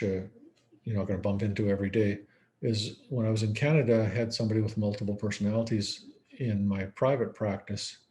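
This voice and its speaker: A man's voice: fairly low pitch, darkish tone. A man speaking as a psychiatrist in a conference lecture, telling case stories in a conversational way. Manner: conversational, storytelling, acts out quoted dialogue.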